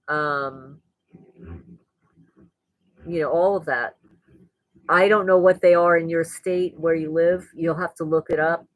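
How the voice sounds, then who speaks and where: A woman's voice: fairly low pitch, dry recording, rough recording. Blunt, rambling woman with a dry sound. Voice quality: voice no longer sweet, rougher than before. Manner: frank, rambling, laughs at her own jokes; angry and blunt. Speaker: channel host. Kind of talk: casual monologue to viewers.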